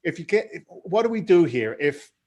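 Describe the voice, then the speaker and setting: A man's voice: on the high side, big pitch swings, normal speed, darkish tone. A man in his forties from London, with an accent that blends London English and Boston, talking casually and bluntly in an interview, laughing often. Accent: London English mixed with Boston. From London, England. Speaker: guest, real estate investor.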